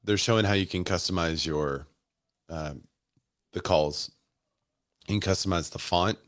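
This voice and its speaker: A man's voice: sits low, unhurried, a bit bright, dry recording, studio quality. A man hosting a live stream, casually commenting on a keynote as it plays and chatting with viewers in the comments. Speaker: host.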